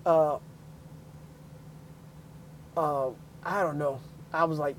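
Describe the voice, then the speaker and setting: A young man telling a personal story in a casual livestream, excitedly acting out the people in it. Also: a little high, measured pace, pauses often, slight background noise, rough recording. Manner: excitable, acts out quotes loudly. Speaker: livestream host.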